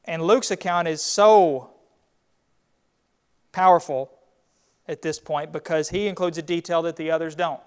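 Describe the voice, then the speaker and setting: A man's voice: fairly high pitch, a little slow, long pauses, a little mellow, smooth. Man teaching a Bible class. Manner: retells scripture with acted quotes, conversational.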